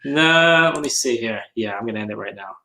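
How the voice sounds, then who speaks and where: A man hosting a casual online hangout, relaxed and brief. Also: mid-range voice, brisk, gravelly. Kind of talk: casual chat.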